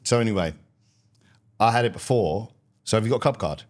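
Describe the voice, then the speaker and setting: A young man talks in a lowish voice, laid-back and full of slang. He spins everyday stories on a casual comedy podcast. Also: expressive, brisk. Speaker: podcast host.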